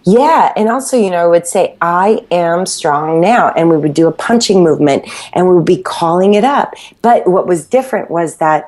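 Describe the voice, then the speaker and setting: A woman's voice: on the low side, lively intonation, brisk, few pauses, dark tone. Passionate woman telling her story. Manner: passionate, acts out her own past self-talk and quotes. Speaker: fitness class creator, podcast guest. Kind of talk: animated interview storytelling.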